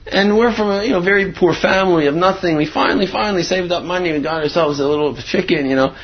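A man voicing a tearful little girl from a poor family, plaintive and halting, on a dull lo-fi recording. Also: high-pitched, pitched above the performer's own voice.

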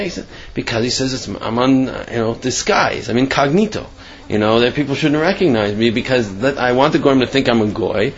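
A man telling a Torah story in a casual lecture. He acts out the quotes sudden leaps in pitch and rushed asides. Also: breathy edge. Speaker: Torah class speaker. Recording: slightly dull lo-fi recording.

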